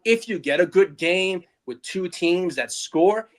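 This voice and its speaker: Man, rambling, casual, slightly high voice, co-host. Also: lively intonation, measured pace. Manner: rambling, restarts a lot. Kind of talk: casual chat.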